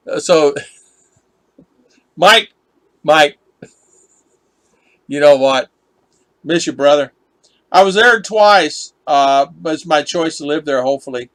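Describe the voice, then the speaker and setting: A man's voice: a little high, pushed and bright, dry recording. A man hosting a casual live stream, rambling and chatting with viewers, laughing often as he reads their comments.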